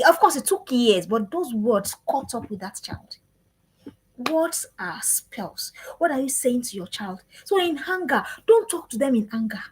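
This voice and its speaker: Parenting speaker, woman, 30s, high breathy voice, repetitive sermon-like emphasis. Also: poor audio. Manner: earnest, repetitive preaching cadence. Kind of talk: live-streamed parenting talk.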